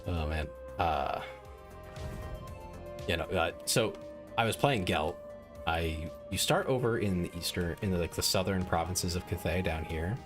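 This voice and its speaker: Deep-voiced man chatting through a game stream. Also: a little slow, over music. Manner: rambling and self-mocking, many "like" fillers. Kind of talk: casual gaming stream chat.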